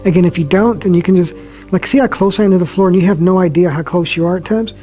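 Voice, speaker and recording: A man leading a yoga class, giving calm, slow step-by-step cues and often dropping his voice softly. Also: sits high, soft background music. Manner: calm, slow guiding cues with soft drops in volume. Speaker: yoga instructor. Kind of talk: guided yoga class instruction.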